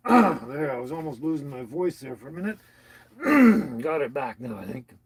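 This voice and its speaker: A man's voice: fairly high pitch, sing-song, takes it slowly, crowd noise. A man hosting a casual livestream, rambling and chuckling as he greets viewers by name and talks to his dog. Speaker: livestream host.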